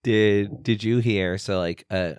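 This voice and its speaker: A man co-hosting a podcast in casual chat, telling stories in an animated, chatty way. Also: fairly low pitch, slow, clear, resonant tone, no room sound, clean studio sound. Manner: chatty, animated storyteller with laughs. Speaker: podcast co-host.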